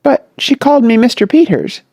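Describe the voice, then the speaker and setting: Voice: mid-range voice, sing-song, fairly quick, dark tone, no room sound, studio quality, voice pushed up. A narrator voicing a modest, earnest young man who speaks hesitantly. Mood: flustered.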